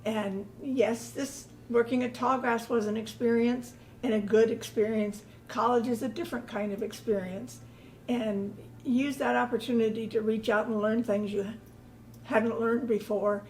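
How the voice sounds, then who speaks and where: A woman's voice: on the high side, fairly even intonation, unhurried, darkish tone, rough recording. Older woman giving earnest encouragement. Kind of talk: advice speech.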